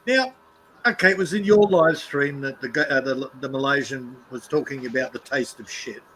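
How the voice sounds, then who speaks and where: A man chatting casually on a stream, animated and mocking, with plenty of swearing. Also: medium pitch, moderate pace, poor audio. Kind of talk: casual chat. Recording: faint background noise.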